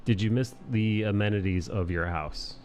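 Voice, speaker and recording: A man's voice: fairly low pitch, moderate pace, darkish tone, slight background noise. A man in his thirties hosting a casual live stream while he draws, rambling and joking crudely with the chat. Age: 30s. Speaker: live-stream host and artist.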